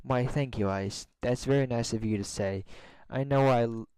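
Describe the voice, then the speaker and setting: A man voicing a gentle pegasus pony girl. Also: mid-range voice, normal speed, clean tone, lightly acted, poor audio. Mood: kind. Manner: soft, affectionate, calm. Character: gentle, kindly young female pegasus rock star.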